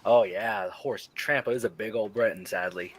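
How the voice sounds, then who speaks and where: A man's voice: on the low side, a little fast, husky. A man chatting casually in character as a rancher, swearing freely and laughing often. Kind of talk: casual in-character roleplay chat.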